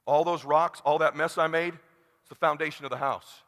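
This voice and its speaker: A man giving a motivational keynote, telling stories and acting out the people in them in an animated way. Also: on the high side, normal speed. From Southern California. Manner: animated, acts out characters in his stories. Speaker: motivational speaker. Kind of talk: stage keynote storytelling. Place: large conference hall. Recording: echoey hall.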